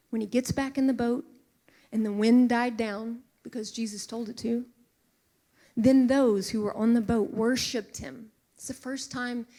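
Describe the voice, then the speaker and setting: A middle-aged woman preaching a sermon in an earnest, emotional way, sometimes dropping to a hushed whisper for emphasis. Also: a little high.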